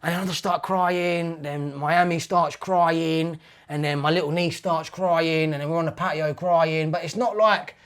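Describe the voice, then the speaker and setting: Interview guest: high-pitched East London man in his thirties, loose and rambling, peppers his speech with mate and man. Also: steady tone, measured pace, a bit bright, smooth. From East London, England. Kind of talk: casual conversational interview.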